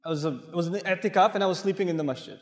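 Animated man lecturing in an echoey hall. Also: sits high, racing. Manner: storytelling, playful, acts out dialogue. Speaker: Islamic lecturer. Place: large mosque hall.

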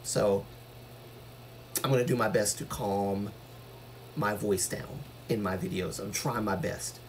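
A man's voice: lowish voice, a little slow, a little hiss or hum. A man talking casually to viewers on his live stream, earnest and rambling, with a voice that carries when he gets passionate.

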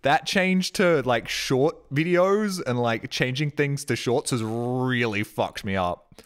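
A man's voice: mid-range voice, slow, smooth. An Australian man streaming live, chatting casually with viewers, reading out chat and thanking subscribers in a rambling, joking way with plenty of swearing.

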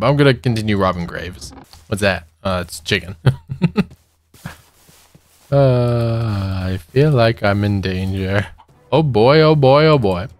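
A young man giving casual let's-play commentary, nervous and giggly, talking to the monsters he meets. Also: medium pitch. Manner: nervous, giggly, talks to mobs. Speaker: gaming youtuber.

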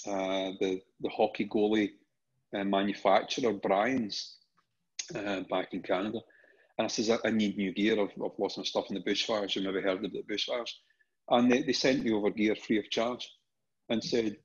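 On a podcast with dull, lo-fi sound, a middle-aged Scottish guest spins animated anecdotes at a moderate pace. His voice is husky and lowish, and he keeps restarting sentences and repeating words as he tells his casual stories.

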